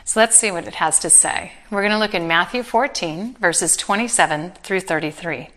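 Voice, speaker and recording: A middle-aged woman delivers a sermon in a slightly low voice. She retells the scripture with animated, earnest storytelling and light humor. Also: normal speed. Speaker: preacher.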